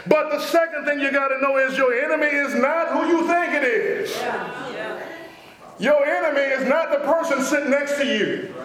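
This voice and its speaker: A man a call-and-response sermon, drawling asides and sudden shouts. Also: very high voice. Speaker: pastor. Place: church sanctuary. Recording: very echoey church hall.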